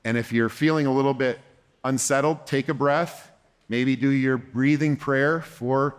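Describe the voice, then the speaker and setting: A man addresses a room of listeners as a therapist, his pitch sitting in the ordinary middle range. He talks in a relaxed, conversational way and often acts out both sides of a conversation. When he voices the counselor, he turns gentle and reassuring. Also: a little slow, clean tone. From United States. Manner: conversational, acts out dialogues in short quoted lines. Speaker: therapist speaking at a conference. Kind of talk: conference talk. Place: conference hall with an audience.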